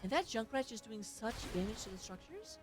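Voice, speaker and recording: A woman with a Southern US accent casting an esports match, rattling off stats and filling pauses. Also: fairly high pitch, big pitch swings, music in the background. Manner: rapid, filling dead air with stats. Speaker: esports caster. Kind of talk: play-by-play esports commentary.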